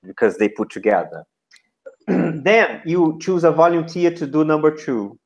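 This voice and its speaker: Lively, unhurried man coaching. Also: a little high, dull audio. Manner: models classroom commands slowly, chunked. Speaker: teacher trainer. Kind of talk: teaching feedback session.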